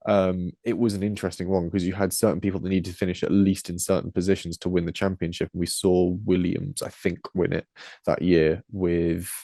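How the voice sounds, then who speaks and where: Low-voiced man, dry sound. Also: little pitch movement, a little fast, mellow, no echo. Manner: rambling, hedging with "sort of". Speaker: podcast co-host. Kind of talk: casual chat.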